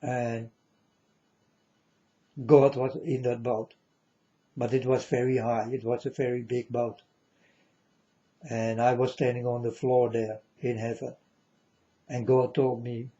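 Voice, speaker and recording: On a muffled lo-fi recording, a man calling himself a prophet speaks to viewers in a slow, solemn religious monologue with little pitch movement. His delivery is halting and repetitive, occasionally rising in volume.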